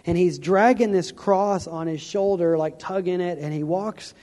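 A man's voice: high voice, normal speed, mellow. A man giving an earnest, informal testimony sermon from a stage, often restarting and chuckling as he talks. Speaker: traveling evangelist giving his testimony. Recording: long hall reverb.

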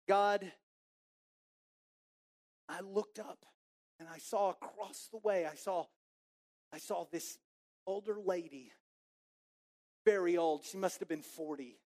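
A man in his forties from Texas, preaching a sermon through a lively personal story and acting out his own inner voice. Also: sits high, a little slow, pauses often. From Texas, USA. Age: 40s.

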